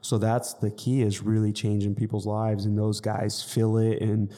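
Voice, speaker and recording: Earnest low-voiced fitness coach. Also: male voice, little pitch movement, normal speed, dark tone. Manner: earnest, rambling, with many restarts and "like". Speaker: fitness coach, podcast co-host. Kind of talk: casual podcast chat.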